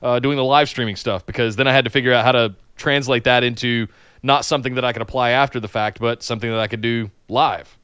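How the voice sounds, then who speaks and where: A man co-hosting a live-streamed podcast, reading chat messages and bursting into excited shouts. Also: medium pitch, fast talker, smooth, dry recording, highs cut off.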